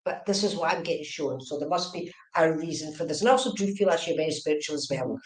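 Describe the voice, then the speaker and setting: A woman giving fast, chatty psychic readings on a live stream, often checking in with okay and right. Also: sits low, echoey room, low-quality recording. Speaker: medium.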